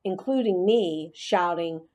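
A woman's voice: on the low side, slow pace, warm tone. A woman narrating a children's storybook in the first person as a hamster, reading expressively.

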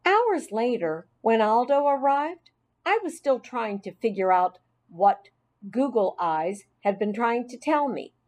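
Woman, children's audiobook narration, slow pace, very lively pitch.

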